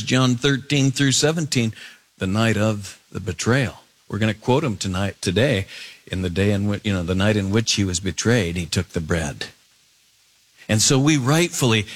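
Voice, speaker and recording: A man preaching, whose voice leaps high on emphatic lines and sinks low and slow on solemn words. He retells scripture in his own casual phrasing as he teaches. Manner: animated, swinging from high emphatic bursts to low drawn-out words; paraphrases scripture conversationally. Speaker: pastor. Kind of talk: expository sermon.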